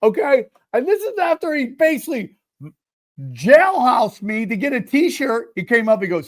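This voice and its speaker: A podcast host spins a comic anecdote, his voice sitting high for a man. He is animated and profane, acting out the people in his story. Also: normal speed. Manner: animated, swears freely, acts out quotes. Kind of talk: comedic storytelling.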